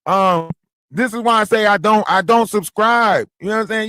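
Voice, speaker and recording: A man co-hosting a livestream, talking in a casual, animated and profane way and repeating phrases for emphasis. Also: high-pitched, normal speed, no echo. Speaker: livestream co-host.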